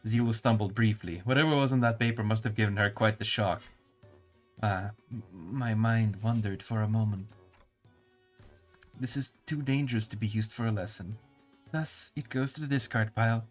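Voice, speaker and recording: A man's voice: fairly low pitch, moderate pace, soft background music. A male streamer reading game dialogue and narration aloud, musing and stumbling over hard words.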